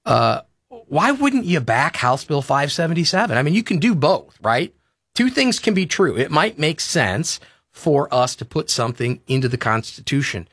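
A man's voice: fairly high pitch, fairly bright tone, dry recording, studio quality. A man hosting a talk radio show, ranting and pleading in a heated, impassioned way.

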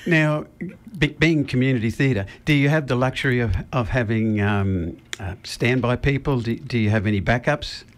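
A man hosting a casual interview, chatty and quick to laugh along with his guests. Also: medium pitch.

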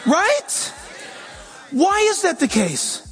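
Animated male preacher, loud bits then quiet asides, high voice. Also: very slow, big-room sound, crowd noise, noisy background. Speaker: pastor. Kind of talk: sermon.

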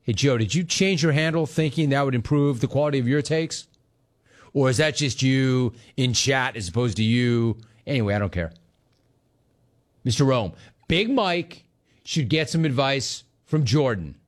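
A man's voice: medium pitch, expressive, normal speed. A man hosting a sports talk radio show, delivering a sarcastic, mocking monologue and reading listener messages. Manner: sarcastic, mocking, laughing at callers.

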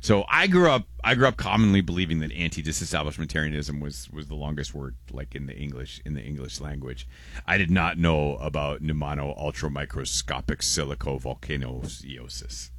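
A man's voice: extremely low pitch, fairly quick, no echo. A man co-hosting a podcast, chatting casually and playfully about odd words and making puns. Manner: playful, wordplay-loving, animated. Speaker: podcast co-host. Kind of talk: casual chat.

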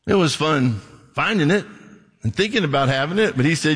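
A man's voice: on the high side, expressive, fast, fairly bright tone, in a large hall. A man preaching a sermon in a casual, conversational way, acting out little bits of dialogue between himself and his listeners. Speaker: pastor.

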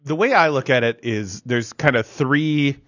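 A man co-hosting sports radio, bantering and quick to laugh. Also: medium pitch, a bit bright, no echo. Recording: dull, dry studio radio sound.

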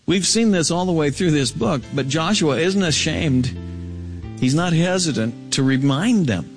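A man preaching an expository sermon, swinging from soaring emphatic peaks down to low hushed asides. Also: animated, measured pace, over music. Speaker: pastor.

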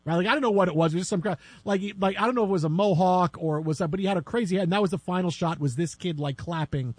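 High-voiced man telling a radio story. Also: rapid-fire, husky, no room sound. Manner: animated, rambling with many fillers. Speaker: sports radio host. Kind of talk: casual storytelling chat. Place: radio studio. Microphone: studio mic.

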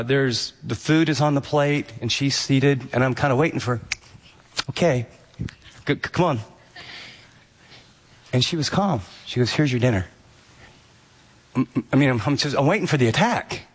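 A male pastor preaching a sermon in an animated way, building to emphatic peaks and dropping soft for quoted lines. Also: mid-range voice.

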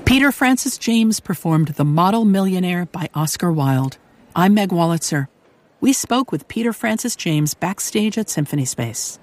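A woman presenting a radio program in measured, scripted commentary. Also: on the low side, animated, a little mellow, slight background noise. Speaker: radio host.

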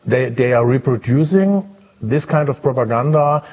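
Male interviewee, husky, emphatic, dull audio. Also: medium pitch, animated, normal speed. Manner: earnest, emphatic. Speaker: theatre director.

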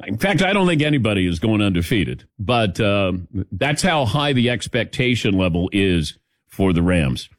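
A man's voice: on the low side, big pitch swings, measured pace, dry recording, clean studio sound. A middle-aged man hosting sports radio, chatting casually and telling stories with frequent laughs. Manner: chatty, storytelling, laughs often. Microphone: studio mic.

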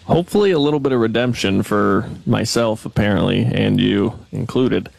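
Gravelly laid-back male producer. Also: lowish voice, moderate pace, darkish tone, dry recording, faint music behind. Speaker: video producer. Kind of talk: casual studio banter.

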